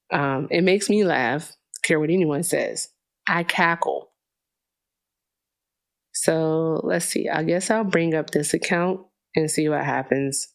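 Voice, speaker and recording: Chatty, low-voiced woman streamer. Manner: chatty, profane, laughs often. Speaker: livestream host. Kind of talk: casual livestream chat. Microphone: headphones with mic at a streaming desk.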